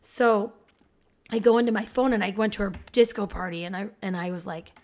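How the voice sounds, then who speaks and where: A woman in her thirties co-hosting a podcast, telling family stories with animated energy. She swears casually. Her voice sits at a medium pitch. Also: fairly quick. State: mother of four. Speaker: podcast co-host. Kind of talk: casual chat.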